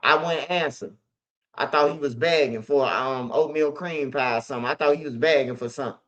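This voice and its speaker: Over dull lo-fi audio, the street news host tells a story casually, slangy, profane and emphatic. His medium-pitched voice is brisk and a bit bright.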